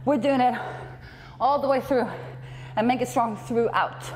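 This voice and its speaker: A high-voiced female fitness trainer leads a workout class, cueing each move and encouraging everyone. Out of breath, she speaks between exercises in an unhurried, fairly even, slightly mellow tone, in a reverberant hall with a faint ambient hum.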